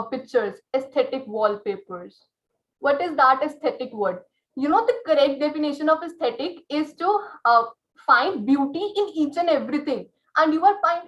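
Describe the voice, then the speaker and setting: A woman's voice: sits high, lo-fi sound. A girl, giving an earnest open mic speech as a student, full of pointed rhetorical questions and fillers. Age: late teens.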